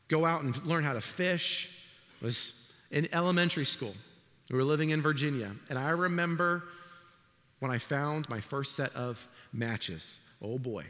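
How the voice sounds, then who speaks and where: Man preaching a sermon in a reverberant hall. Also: a little high. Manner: animated storytelling, acts out voices. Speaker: pastor. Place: church sanctuary.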